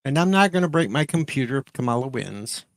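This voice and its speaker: A man's voice: mid-range voice, lively intonation, fairly quick, dry recording. A man chatting casually on a live-stream voice call, making dry, wry remarks.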